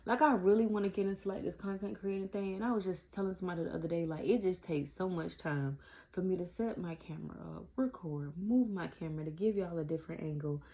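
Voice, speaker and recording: A woman's voice: fairly low pitch, fast talker, warm tone. A woman around forty, chatting casually to camera and calling her viewers y'all. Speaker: vlogger.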